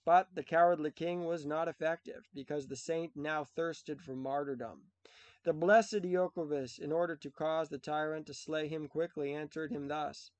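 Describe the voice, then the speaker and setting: A man narrating a saint's life in a measured, solemn reading of archaic English. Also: on the high side, steady tone, no room sound.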